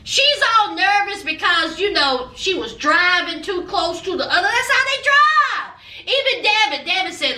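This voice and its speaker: A woman's voice: very high-pitched, a little slow, roomy sound, recorded from a distance. A woman, recapping a reality show in a sassy, chatty way, calling listeners honey and child. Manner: sassy and animated, calls viewers honey and child, acts out quotes.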